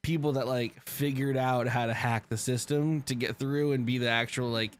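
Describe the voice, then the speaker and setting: A man co-hosting a casual podcast, with a mid-pitched voice. He swears easily and trips over repeated words as he makes his point. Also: steady tone, moderate pace. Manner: swears casually, stammers on restarts. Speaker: podcast co-host. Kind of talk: casual chat.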